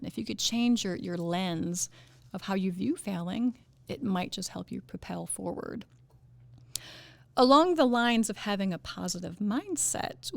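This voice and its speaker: A woman's voice: mid-range voice, creaky, dry recording. A woman hosting a wellness podcast, talking casually and animatedly with fillers and laughs. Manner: chatty and animated, fillers and laughs, puts on goofy voices for quotes. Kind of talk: casual motivational talk.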